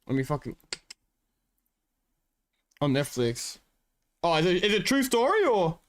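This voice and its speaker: A man's voice: high voice, sing-song, a little slow. An Australian man streaming, rambling in slangy casual chat with his viewers and swearing a lot.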